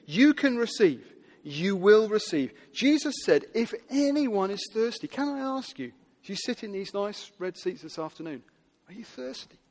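A man preaching a sermon to a seated audience, earnest and building to loud, emphatic quotations. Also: high voice. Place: large hall with audience seating. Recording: long hall reverb.

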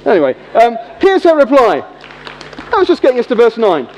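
A man in his forties preaching a humorous, animated sermon in a church. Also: extremely high pitch, a little fast, slight background noise. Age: 40s. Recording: echoey hall, dull lo-fi sound.

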